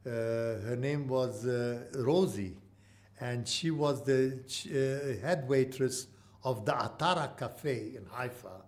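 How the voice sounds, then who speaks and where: A man in his eighties from Mandatory Palestine, telling an oral history in halting speech with many pauses. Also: medium pitch, darkish tone. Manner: halting, with frequent uh pauses and restarts. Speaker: interviewee.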